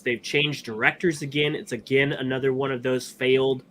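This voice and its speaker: A man co-hosting a podcast, chatting casually about films in an animated, rambling way with many restarts. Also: mid-range voice, moderate pace, few pauses, a little hiss or hum. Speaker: podcast co-host. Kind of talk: casual movie review chat.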